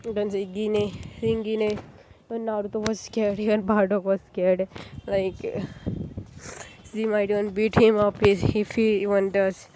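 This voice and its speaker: A woman casually retelling a fan story, halting often, padding with filler phrases and correcting herself. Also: mid-range voice, little pitch movement, noisy background.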